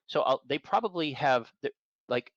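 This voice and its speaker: A man's voice: medium pitch, animated, moderate pace, no echo, muffled recording. A man chatting as a guest on a talk show, enthusiastic and opinionated, chuckling between points. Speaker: guest, managing editor of an entertainment and tech site. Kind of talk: casual chat.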